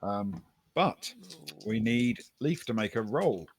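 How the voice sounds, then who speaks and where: A man narrating as game master of a tabletop role-playing game, telling the scene in a relaxed way with fillers and the odd chuckle. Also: mid-range voice, slow pace, slight background noise.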